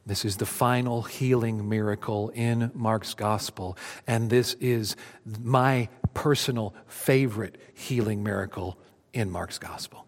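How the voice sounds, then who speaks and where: A man's voice: fairly even intonation, measured pace. A man in his fifties, a pastor preaching a sermon to his congregation and reading scripture with dramatic rises and drops. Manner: dramatic scripture reading, rising for cries and dropping low. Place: church sanctuary. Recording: long reverb of a church hall.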